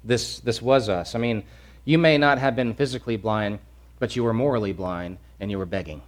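A man from Louisiana preaching a sermon, animated and emphatic, with lots of repetition. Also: fairly low pitch, normal speed. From Louisiana, USA.

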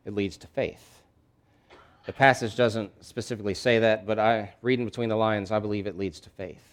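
A man's voice: on the low side, steady tone, moderate pace. A man preaching a sermon in a conversational, emphatic way, with asides and frequent restarts. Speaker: pastor.

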